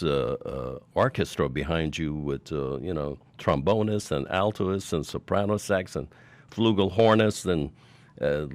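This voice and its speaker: An older man hosting a radio interview, rambling with pauses and gushing with praise. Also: sits low, no room sound. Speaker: radio show host.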